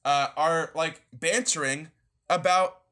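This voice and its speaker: A man co-hosting a casual review podcast in a bright, slightly high voice. He retells scenes in an animated way and slips into quick impressions of the characters. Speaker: podcast co-host.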